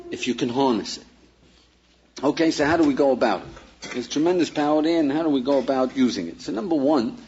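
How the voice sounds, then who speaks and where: A man teaching a class as a rabbi, in a lively lecture style, acting out little dialogues and putting questions to his listeners. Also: medium pitch, slight background noise. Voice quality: husky. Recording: dull lo-fi archive lecture recording.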